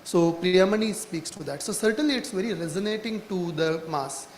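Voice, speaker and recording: High-voiced man in an echoey hall. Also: lively intonation. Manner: quick explanatory talk, mixing in Hindi phrases. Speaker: brand marketer on a panel. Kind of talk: conference panel discussion. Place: conference hall. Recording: echoey hall with faint noise.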